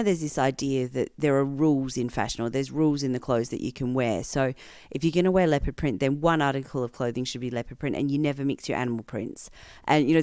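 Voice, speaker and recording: A woman hosting a podcast, asking thoughtful questions and giving many soft affirmations in a casual interview. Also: rumbling low, no room sound, clean studio sound. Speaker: podcast host.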